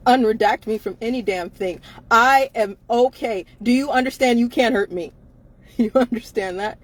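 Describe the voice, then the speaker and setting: Tired lady on a live chat, husky voice, kinda high, keeps repeating herself, laughs a lot, swears. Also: moderate pace. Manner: emphatic and repetitive, laughs often, swears freely. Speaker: co-host of a live chat show. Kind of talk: casual live-stream chat.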